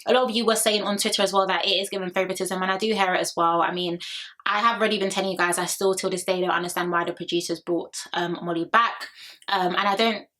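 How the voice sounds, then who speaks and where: A woman's voice: on the low side, steady tone, fast, pushed and bright. A young woman giving a sassy, opinionated recap in casual chat and talking straight to her viewers. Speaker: reality TV recap vlogger. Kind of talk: casual chatty commentary.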